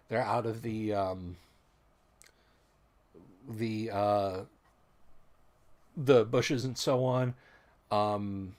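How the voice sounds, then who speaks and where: Game master guy, middle pitch, rambly descriptive narration with restarts.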